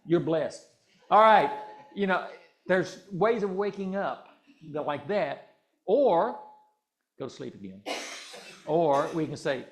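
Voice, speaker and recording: A man's voice: a little high, expressive, slow, long pauses, a little hiss or hum. Male minister, folksy and joking, conversational sermon on a church mic. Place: church hall. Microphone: handheld or stand mic, slightly ringing.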